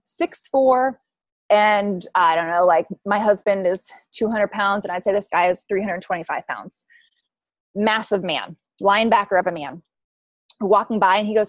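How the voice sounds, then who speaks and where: A young adult woman with a mid-range voice coaches her team on a call, with no room sound. She tells a story in a chatty way, full of likes and ums, acting out the voices of the people she quotes.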